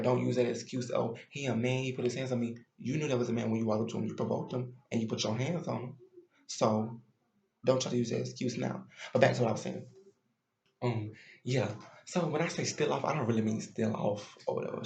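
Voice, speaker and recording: A man's voice: mid-range voice, gravelly, a little mellow, echoey room. A man giving a chatty, opinionated and sassy recap of a reality show in casual commentary.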